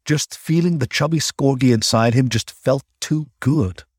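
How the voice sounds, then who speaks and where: A man narrating a scripted story at a calm, even storytelling pace. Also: medium pitch, a little slow, breathy edge, no room sound, studio quality.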